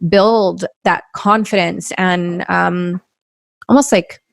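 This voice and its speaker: A woman's voice: on the low side, steady tone, slow pace, creaky, no echo, studio quality. A woman hosting a podcast, talking in an earnest, encouraging way and laughing easily. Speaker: podcast host. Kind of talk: casual conversational interview.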